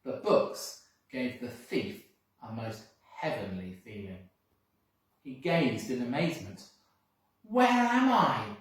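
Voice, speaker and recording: Slow expressive storybook reader. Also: medium pitch. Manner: expressive, sing-song storytelling. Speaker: school reader. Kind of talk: reading a picture book aloud. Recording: echoey room, mic far off.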